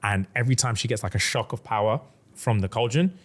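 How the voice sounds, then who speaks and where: A man's voice: lowish voice, fast talker. A young man, a podcast co-host animatedly retelling a book plot in casual chat and acting out the characters' lines. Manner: animated storyteller, acts out the characters' lines in a raised voice.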